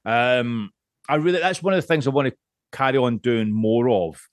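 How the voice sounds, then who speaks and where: Scottish male podcast guest, mid pitch, rambling and sweary, very dry close mic. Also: lively intonation, moderate pace, dry recording. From Scotland. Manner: rambling, swears freely, laughs often. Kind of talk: casual podcast chat.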